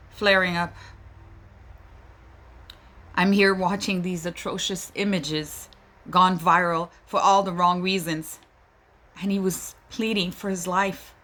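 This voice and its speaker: Slow, bright-voiced impassioned woman. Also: mid-range voice. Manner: emotional, pleading, indignant. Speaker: mother speaking out. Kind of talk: impassioned personal monologue.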